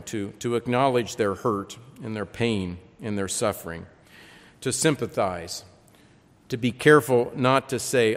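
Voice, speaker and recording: Man preaching with a long hall reverb. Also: medium pitch. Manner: reads scripture with lively emphasis, frequent repetitions. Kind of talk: sermon.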